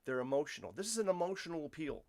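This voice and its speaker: A man's voice: fairly high pitch, big pitch swings, racing, a little mellow. A man giving casual, opinionated livestream commentary, firing rhetorical questions at his viewers and often restarting his sentences. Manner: addresses viewers as folks. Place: Poland.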